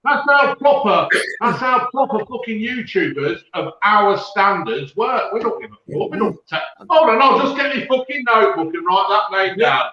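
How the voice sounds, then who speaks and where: A man's voice: high voice, animated, moderate pace, hardly any pauses, bright, forceful tone. A man joining a casual live stream remotely, talking in a crude, blunt, sweary way. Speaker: guest video-maker. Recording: very echoey, dull remote call audio.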